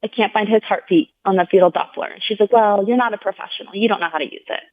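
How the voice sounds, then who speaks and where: A woman's voice: medium pitch, fast. A woman guest telling a personal story in a conversational interview. She speaks earnestly and from the heart, with frequent "like"s, and acts out the people she quotes in raised voices. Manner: earnest, heartfelt retelling, heavy use of "like". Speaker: podcast guest. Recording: tinny phone-like sound, dry.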